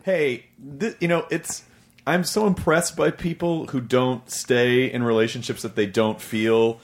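A man's voice: medium pitch, fairly even intonation, measured pace. A man hosting a podcast, talking in an earnest, enthusiastic way and acting out quotes. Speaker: podcast host. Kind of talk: casual interview chat.

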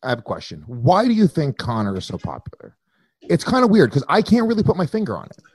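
Fast-talking man on a dry mic. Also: on the high side, huge pitch swings, darkish tone, breathy edge, no echo. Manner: rapid, questioning, sweary. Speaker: podcast host. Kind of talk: casual podcast chat.

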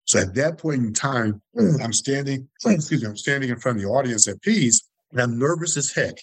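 A man's voice: medium pitch, lively intonation, fairly quick, no room sound, poor audio. A man in his sixties from Detroit, telling stories as an interview guest in an earnest, passionate way with emphatic repetition. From Detroit, USA. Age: 60s. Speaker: guest, former student body president. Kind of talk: interview storytelling.

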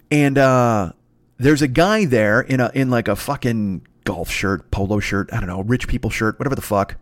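A man hosting a solo comedy podcast, ranting in a profane, exasperated way that climbs into high indignant bursts. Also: no echo. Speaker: podcast host.

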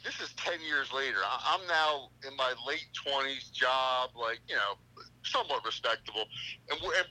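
Bright-voiced man on a tinny phone line. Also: medium pitch. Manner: halting, rambling, full of restarts. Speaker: guest on a phone call. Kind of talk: casual chat.

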